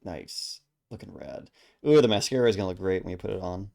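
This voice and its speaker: A man co-hosting a live art stream, chatting casually and excitably, often laughing and saying dude. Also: deep voice, brisk, vocal fry. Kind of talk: casual chat.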